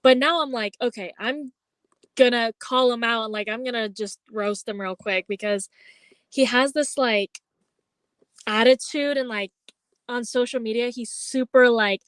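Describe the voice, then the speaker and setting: A woman's voice: on the high side, normal speed, fairly bright tone, no echo. A young adult woman on a podcast, recounting a story casually with a lot of "like" and acted-out quotes. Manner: chatty storytelling, heavy use of "like", acts out quoted lines. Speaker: podcast co-host. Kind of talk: casual chat.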